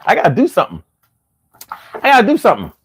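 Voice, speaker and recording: A man with a Philadelphia accent hosts a casual live stream, talking loosely and with animation and drawing his words out when he jokes. His voice is high and his pace is quick. A little hiss or hum can be heard.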